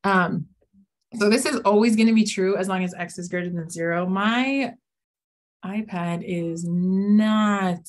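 A woman math teacher leading a live classroom lesson, playful and teasing, often acting out her students' reactions. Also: medium pitch.

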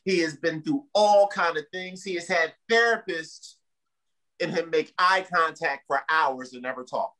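A man's voice: sits high, bright, forceful tone, low-quality recording. A male emcee at a live comedy show, introducing the next comedian with playful, hyped crowd-work patter.

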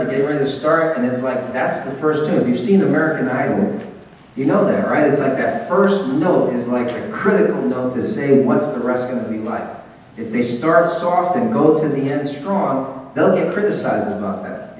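A man's voice: medium pitch, moderate pace, slight background noise. Man projecting to an echoey hall. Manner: animated, projecting, talks straight to the audience. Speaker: business speaker. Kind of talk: live seminar talk. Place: seminar hall. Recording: echoey hall, taped from far off.

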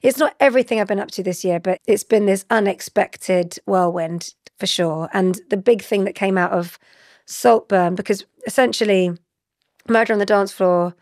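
A woman's voice: mid-range voice, normal speed, a little mellow, dry recording, studio quality. A woman in her forties, chatting animatedly as an interview guest and laughing often. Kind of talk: conversational interview.

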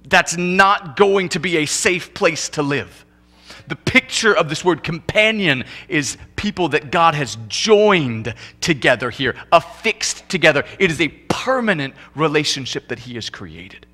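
A man pastor preaching a sermon in a church, animated, swinging from loud emphatic lines to quiet low ones, and acting out couples' lines in quick comic voices.

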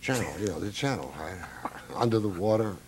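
A man's voice: lowish voice, expressive, brisk, background noise. A man, a jazz musician being interviewed, telling anecdotes in a chatty way with many "you know" fillers. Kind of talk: casual interview storytelling.

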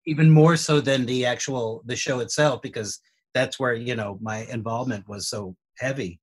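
A man, a cast member, reflecting warmly and rambling with halting restarts. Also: mid-range voice, breathy edge. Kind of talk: reflective casual chat.

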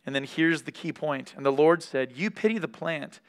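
A man's voice: fairly high pitch, normal speed, clear, resonant tone. A man giving a conversational Bible teaching, reading scripture aloud and stopping to comment candidly. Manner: candid, reads scripture aloud between remarks.

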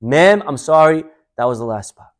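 Brief: male storyteller as a courteous valet, apologetic and even-toned. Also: a little high, normal speed, lightly acted. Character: polite male parking valet.

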